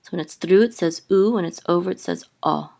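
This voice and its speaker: Woman going slow thru a lesson, kinda low gravelly voice, lots of ums. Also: a little mellow. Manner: sings out chanted syllables, many ums and restarts. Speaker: Hebrew teacher.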